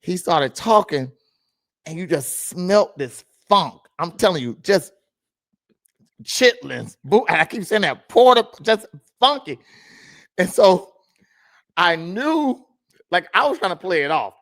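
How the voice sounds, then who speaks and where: Animated man telling stories. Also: high-pitched, slow pace, pauses often. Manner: animated storytelling, laughs while telling. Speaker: podcast co-host. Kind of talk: casual podcast chat.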